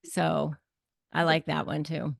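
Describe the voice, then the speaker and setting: A woman's voice: deep voice, flat delivery, slow pace, gravelly, dry recording, studio quality. A woman guest expert giving blunt, emphatic advice in conversation, in a coaching tone.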